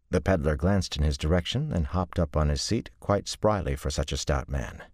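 A man reading a fantasy novel aloud in steady, measured scripted narration. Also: extremely low pitch, dry recording, clean studio sound. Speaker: audiobook narrator.

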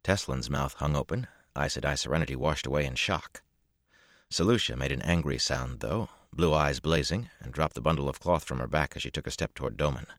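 A man narrating a fantasy audiobook in a measured, even manner. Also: rumbling low, no room sound, clean studio sound.

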